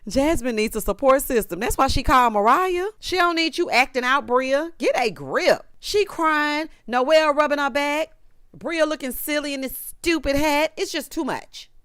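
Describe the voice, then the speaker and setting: A woman's voice: high-pitched, animated, normal speed, a bit bright, no echo, clean studio sound. A woman recapping a reality TV episode in casual, sassy commentary, talking straight to her viewers.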